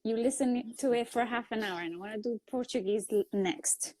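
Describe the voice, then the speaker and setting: A woman's voice: fairly high pitch, brisk, mellow, no echo, rough recording. A woman from Italy with an Italian accent, chatting casually on a phone live stream and laughing often. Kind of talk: casual chat.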